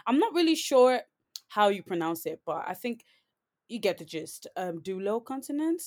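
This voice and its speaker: A woman's voice: medium pitch, sing-song, normal speed. A woman co-hosting a podcast, chatting casually and rambling, with many "like"s and restarts. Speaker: podcast co-host. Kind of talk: casual chat.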